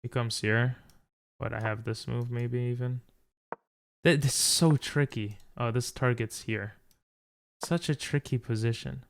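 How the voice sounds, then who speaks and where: A man's voice: mid-range voice, steady tone, measured pace, vocal fry. A tired, frustrated man commentating his own chess game, thinking aloud and talking to viewers. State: tired from little sleep. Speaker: chess streamer.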